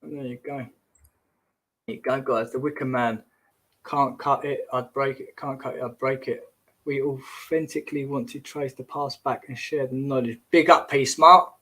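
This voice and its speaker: A man's voice: medium pitch, steady tone, normal speed, bright, forceful tone. A man hosting a casual livestream, rambling and exclamatory, often trailing off and restarting mid-sentence. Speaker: host.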